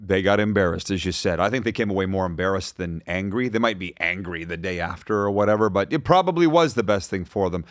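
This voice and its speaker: Energetic male sports podcast host. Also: deep voice, fast talker, hardly any pauses, dry recording, clean studio sound. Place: podcast studio. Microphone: studio microphone.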